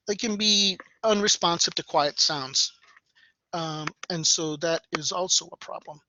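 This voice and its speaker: A man's voice: fairly high pitch, sharp tone, no echo. A man giving a classroom lecture in a conversational way, often checking in with "right?". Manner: conversational, tags sentences with "right?". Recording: dull lecture recording.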